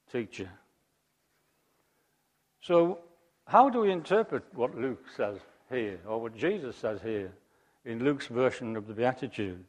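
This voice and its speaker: A man preaching a sermon, emphatic, rising to loud high peaks and dropping to quiet asides. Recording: long hall reverb.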